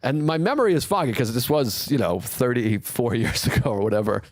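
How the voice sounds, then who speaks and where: A man's voice: medium pitch, very animated, fairly quick, no room sound. A man telling a childhood memory on a podcast. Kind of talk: casual storytelling.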